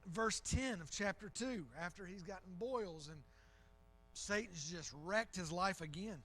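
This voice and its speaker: A man's voice: high voice, fairly bright tone, poor audio. A man preaching a sermon in a church, talking in a conversational, emphatic way with frequent restarts. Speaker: pastor.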